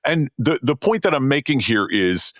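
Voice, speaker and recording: A man's voice: medium pitch, very animated, moderate pace, fairly bright tone, no room sound, clean studio sound. A man co-hosting a casual podcast chat, ranting with frustration and mocking the people he quotes. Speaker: podcast co-host.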